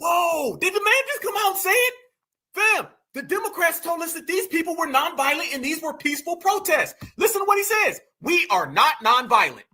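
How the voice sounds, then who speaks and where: A man's voice: extremely high pitch, expressive, brisk, bright, forceful tone. A male host giving mocking, indignant commentary on video clips and calling his viewers family.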